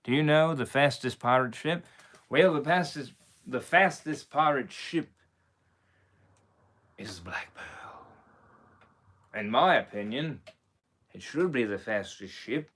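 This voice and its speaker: On a live stream, a man stays in character as a cocky, rum-swilling pirate captain, chatting in playful mock pirate talk. His mid-range voice is a bit bright and a little slow.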